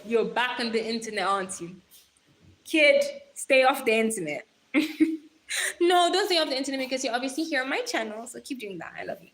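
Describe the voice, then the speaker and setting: A woman livestreamer chatting casually, animated and laughing often as she teases and advises her viewers. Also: fairly high pitch, fairly quick, a little hiss or hum. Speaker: livestreamer reading chat.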